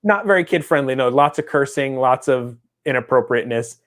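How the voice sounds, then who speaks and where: A man's voice: medium pitch, expressive, fairly quick, fairly bright tone. A man co-hosting a casual chat show, telling a long rambling story and acting out the people in it. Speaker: podcast co-host.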